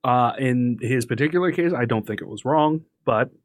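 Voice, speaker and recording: A man's voice: mid-range voice, moderate pace. A man co-hosting a casual podcast, chatty and upbeat, who laughs easily. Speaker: podcast co-host. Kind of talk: casual chat.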